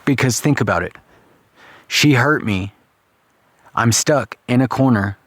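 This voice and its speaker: A man's voice: medium pitch, a little slow, no echo, clean studio sound. A man exploring an abandoned ghost town, speaking aloud to spirits in a casual, questioning way with some swearing. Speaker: paranormal investigator. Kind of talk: ghost hunting vlog. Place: abandoned ghost town, outdoors and in old houses.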